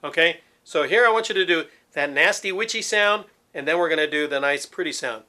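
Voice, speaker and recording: A man's voice: fairly high pitch, fairly quick, bright, forceful tone. A middle-aged man and former opera singer teaching vocal technique, explaining patiently and demonstrating with sung examples. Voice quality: resonant, focused head voice.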